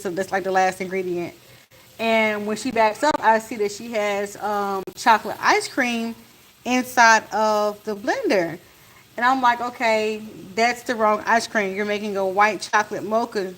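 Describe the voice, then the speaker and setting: A woman in a casual storytime chat, retelling events in an animated way and acting out what was said, while cooking in her home kitchen. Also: medium pitch, low-quality recording. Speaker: family vlogger. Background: faint sizzle of frying food.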